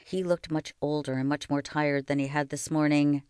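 A woman reading a children's novel aloud with slow, expressive storytelling. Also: low-pitched, smooth, no echo, clean studio sound. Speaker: reader.

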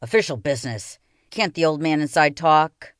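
A woman's voice: low voice, expressive, moderate pace, dry recording, clean studio sound. A woman voicing a stern, curt male tax official from the city in a read-aloud children's novel. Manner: curt, demanding.

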